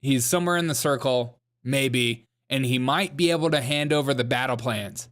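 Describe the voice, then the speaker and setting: A man's voice: medium pitch, normal speed, a bit bright. A man hosting a comedic commentary show, reacting sarcastically to clips and laughing often.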